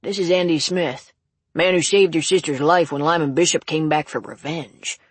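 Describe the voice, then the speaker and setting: Folksy old shopkeeper in his seventies, blunt and chatty, read by a husky-voiced woman, dry sound. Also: low voice, steady tone, moderate pace, dry recording. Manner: blunt, chatty small-town talk.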